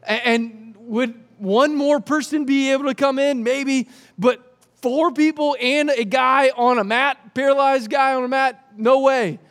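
A man's voice: extremely high pitch, steady tone, measured pace, fairly bright tone. A man preaching a sermon, retelling a scripture story with jokes and acted-out voices. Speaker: pastor.

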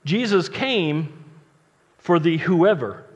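A man's voice: on the high side, lively intonation, slow, slightly rough. A man preaching a casual sermon as pastor, chatty and joking between Bible readings. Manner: chatty, joking asides, conversational. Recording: long reverb, dull lo-fi sound.

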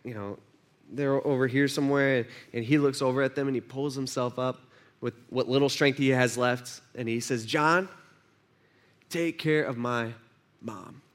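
A man's voice: mid-range voice, level tone, moderate pace. A man preaching a conversational sermon, acting out the voices he quotes. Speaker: pastor.

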